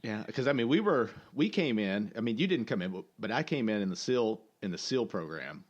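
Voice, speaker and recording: A man's voice: fairly low pitch, lively intonation, brisk, dull audio. A man in his forties co-hosting a podcast, chatting casually and mostly chiming in with short replies. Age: 40s. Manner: brief agreeing replies, laughs along. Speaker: podcast co-host. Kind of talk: casual chat.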